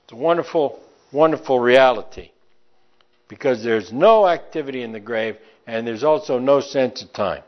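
A man's voice: mid-range voice, normal speed, muffled recording. A man with a New York accent preaching a sermon and reading scripture aloud, stretching out words for emphasis.

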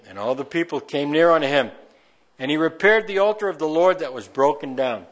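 A man's voice: a little high, animated, a little fast. A man reading scripture aloud verse by verse and breaking off to comment on it in a folksy way. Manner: reads scripture then breaks in with folksy asides. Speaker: Bible teacher.

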